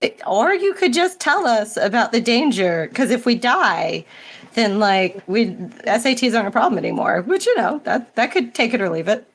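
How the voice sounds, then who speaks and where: A woman's voice: a little high, sing-song, moderate pace. Impatient woman tabletop player. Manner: impatient, insistent. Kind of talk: tabletop role-play chat.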